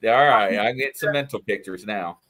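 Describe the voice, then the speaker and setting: A man with a New York accent, co-hosting a casual livestream chat and telling animated stories. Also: fairly low pitch, moderate pace. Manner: animated storytelling, mimics voices in quotes. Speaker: livestream co-host.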